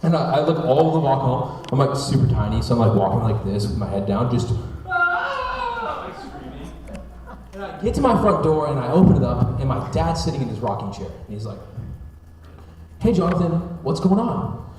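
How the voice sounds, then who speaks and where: A young man preaching a sermon, telling a personal story in a chatty, animated way. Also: medium pitch, brisk, heavy background noise. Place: church sanctuary. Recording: echoey church hall from far off.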